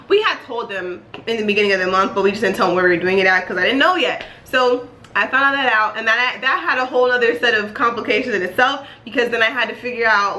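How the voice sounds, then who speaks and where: A young woman in her twenties telling a story to the camera in a casual vlog, chatty and animated. Her voice sits high and sounds bright and lively, and it comes across clearly. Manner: animated and chatty, lots of "like" fillers. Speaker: vlogger.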